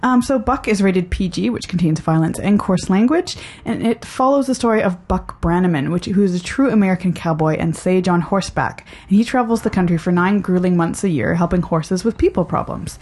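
Canadian woman doing film reviews on a podcast, dry and a bit wry, voice a touch low for a woman. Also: brisk, few pauses, darkish tone. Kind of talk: casual chat and read review.

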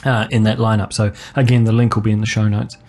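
A man's voice: fairly low pitch, flat delivery, fast, darkish tone. A man co-hosting a film podcast, chatting casually with lots of fillers and restarts. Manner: rambling, hesitant, many fillers and restarts. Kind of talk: casual chat.

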